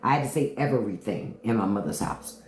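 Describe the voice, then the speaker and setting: A low-voiced woman with a D.C. chats candidly on a livestream, her pitch swinging up and down as she talks. She laughs often and drops into imitations of how people speak in other cities. The room is echoey around her. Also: animated, quick pace, slight background noise. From Washington, D.C. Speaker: podcast host on a livestream. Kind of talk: casual livestream chat answering viewers.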